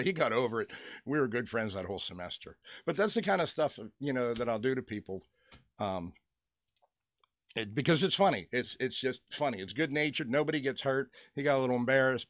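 A man's voice: mid-range voice, fairly bright tone, dry recording, studio quality. Rambling middle-aged man telling stories. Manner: chatty, joking, chuckles between stories. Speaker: toy customizer vlogger. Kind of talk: rambling casual storytelling. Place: at home with his dog nearby.

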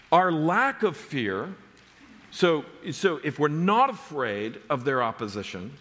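A male pastor delivers an emphatic sermon in a church sanctuary, his slightly high voice climbing on key lines and sinking low on others. A long reverb trails each phrase through the hall. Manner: emphatic preaching with sharp rises and drops in pitch.

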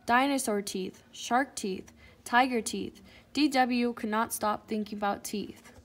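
Woman, children's book read-aloud, expressive, clear, fairly high voice. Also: measured pace. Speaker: storybook reader.

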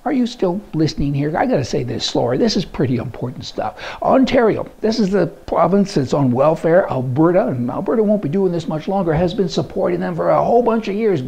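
Gravelly, indignant male commentator. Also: high voice, lively intonation, a little fast, few pauses, a little mellow. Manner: folksy, indignant, rambling. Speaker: political commentary blogger. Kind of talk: opinionated monologue. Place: Canada.

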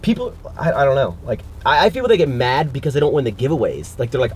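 A man's voice: medium pitch, big pitch swings, quick pace, few pauses, a little mellow, a little hiss or hum. A young man in a casual vlog, talking loosely and profanely, rambling with lots of fillers. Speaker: fitness vlogger.

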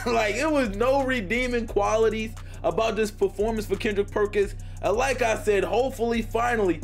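A man's voice: sits high, creaky. Hyped young man trash-talking over gameplay. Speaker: gaming YouTuber. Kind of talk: casual gameplay commentary.

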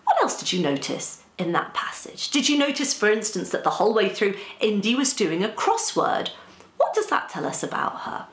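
Lively woman reading to children, echoey. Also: medium pitch, moderate pace. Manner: lively, playful, teacherly. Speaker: children's author reading her book. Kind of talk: storybook reading and lesson for children.

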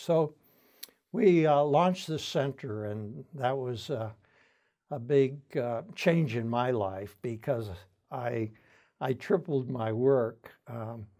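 Older man, mellow dark tone, unhurried reflective storyteller for an oral history interview. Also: mid-range voice. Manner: reflective storytelling with frequent fillers. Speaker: interviewee, founding center director.

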